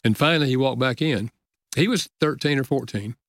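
An older man, a guest author, telling a personal story in an earnest, gentle way with frequent soft chuckles. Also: medium pitch, brisk, no room sound, studio quality. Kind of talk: reflective storytelling interview.

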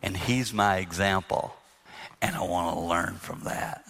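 A man giving a sermon-style marriage talk to a live audience, earnest, moving from emphatic to very soft. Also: deep voice, measured pace, gravelly. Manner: earnest, shifts between loud emphasis and soft near-whispers. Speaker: marriage speaker. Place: live event room with audience. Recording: long reverb of a hall.

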